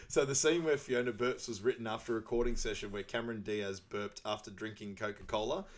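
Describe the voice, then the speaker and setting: A young man talks through a film scene by scene in a relaxed podcast chat. His voice sits a little low, and he laughs easily. He drops into quick impressions of the characters. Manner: laughs often, quotes characters in high put-on voices. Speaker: podcast co-host. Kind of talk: casual film recap chat.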